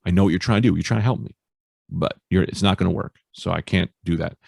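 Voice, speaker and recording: Low rough-voiced comedian guy, cursing, telling stories, dry mic. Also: fast talker, no echo. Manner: animated storyteller, swears freely, acts out quoted voices. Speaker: stand-up comedian, podcast guest. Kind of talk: casual interview chat.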